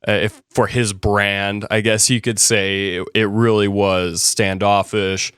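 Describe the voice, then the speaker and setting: A man teaching a business presenting class, telling a story in a relaxed conversational way, with many fillers and restarts. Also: lowish voice, slow pace, clear, resonant tone, no echo, clean studio sound. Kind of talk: casual classroom lecture with anecdotes.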